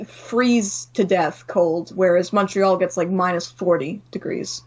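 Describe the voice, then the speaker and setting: A woman's voice: on the low side, unhurried, breathy edge. A young woman from Canada as a podcast guest, speaking candidly, swearing freely and voicing the people in her stories. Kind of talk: casual chat. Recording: slightly dull audio.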